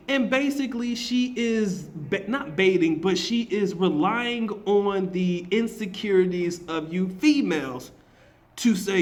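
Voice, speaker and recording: A man's voice: sits high, sing-song, unhurried. A man, a marketing teacher, giving a slangy, casual reaction commentary, emphatic and often laughing.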